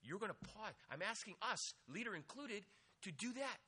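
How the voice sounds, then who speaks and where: A man preaching an energetic youth sermon, acting out quotes and joking with the listeners. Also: high-pitched, moderate pace, slightly rough. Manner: animated, acts out quotes, jokes with the audience. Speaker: youth pastor.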